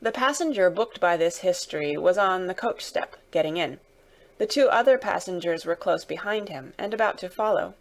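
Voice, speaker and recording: A woman narrating a classic novel, reading dramatically and raising her voice for the characters' shouted lines. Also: lowish voice, animated, normal speed.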